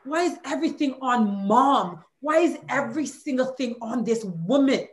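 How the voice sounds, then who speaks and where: A woman's voice: sits high, lively intonation, moderate pace, reverberant. A woman in her forties, an author speaking candidly and with heartfelt emotion in an interview. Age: 40s. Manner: candid and heartfelt, near tears at times. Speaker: author and former hurdler, guest.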